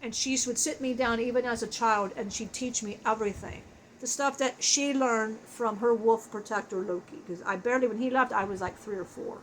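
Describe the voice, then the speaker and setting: A woman telling an emotional spiritual life story in a halting way, often breaking off and restarting her sentences. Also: a little high, fairly bright tone, a little hiss or hum, low-quality recording. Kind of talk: channeled personal storytelling.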